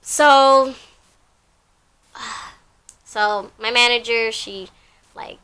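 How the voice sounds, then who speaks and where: Young woman spilling a work story, kinda high voice, super bright, lots of likes. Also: very slow, clean tone. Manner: rambling, many fillers and repeats. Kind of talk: casual storytime vlog.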